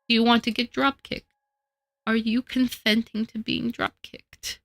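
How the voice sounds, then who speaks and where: A woman's voice: on the high side, little pitch movement, a little slow, vocal fry, fairly bright tone. A woman streamer chatting casually with her live chat as she works, teasing and mock-indignant in her banter.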